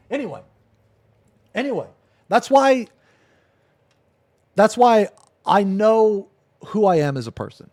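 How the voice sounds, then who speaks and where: A man's voice: high-pitched, sing-song, slow, pauses often, a little mellow, dry recording, studio quality. A male streamer ranting on a live stream, swearing a lot, repeating himself and calling everyone "man" and "bro". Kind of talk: casual live-stream rant.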